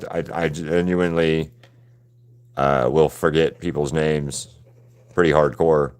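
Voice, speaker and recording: A man's voice: deep voice, clear, resonant tone. A man chatting casually with viewers while he paints on a live stream, rambling and laid-back and swearing freely. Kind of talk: casual livestream chat with viewers.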